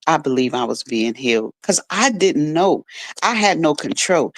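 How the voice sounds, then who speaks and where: In a dry-sounding radio studio recording, a middle-aged woman with a deep voice and lively intonation speaks at a normal speed. As a guest, she shares a personal story earnestly and emotionally, often restarting her sentences.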